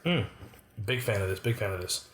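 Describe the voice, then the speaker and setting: A man's voice: fairly low pitch, expressive, fairly quick, fairly bright tone. A young man co-hosting a podcast, chatting casually and joking between sips of beer. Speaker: podcast co-host. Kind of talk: casual chat. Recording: roomy echo.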